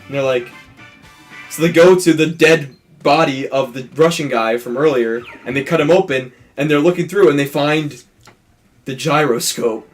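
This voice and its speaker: This let's play host speaks at a normal pace in a fairly high voice, with gentle background music. He recounts a film's plot in a relaxed, animated way while playing, performing the quoted lines, cursing now and then, and laughing.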